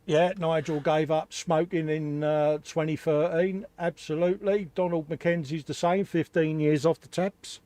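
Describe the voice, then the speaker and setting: A man's voice: a little high, steady tone, normal speed, hardly any pauses, warm tone, no room sound. A man co-hosting a live hobby stream, chatting casually and calling people "mate". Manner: chatty, says "mate" a lot. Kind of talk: casual banter while building models.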